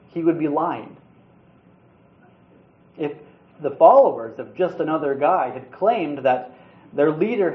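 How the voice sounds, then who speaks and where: A man preaching a sermon in an earnest, conversational way, now and then restarting his words. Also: a little high. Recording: roomy, slightly dull sound.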